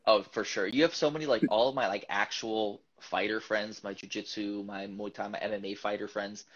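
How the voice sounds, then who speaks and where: A man with a fairly low voice hosts a relaxed podcast, talking in long, rambling stretches full of restarts and quick laughs. The sound is dull and lo-fi. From United States. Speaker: podcast host. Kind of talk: casual conversational podcast chat.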